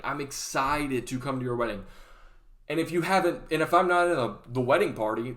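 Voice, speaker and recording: A young man in a casual vlog rant, chatty and rambling. He drifts off on tangents and cuts himself off mid-thought. His voice sits at an ordinary middle pitch. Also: fairly bright tone. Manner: rambling, chatty, self-interrupting. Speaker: movie review host.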